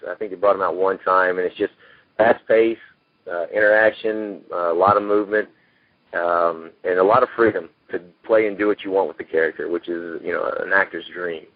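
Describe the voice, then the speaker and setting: With a low voice, steady tone, and slightly fast pace, a Texan actor recounts his life as a guest in a casual interview. He rambles in a folksy manner, saying "you know" often, on a tinny phone line with no echo.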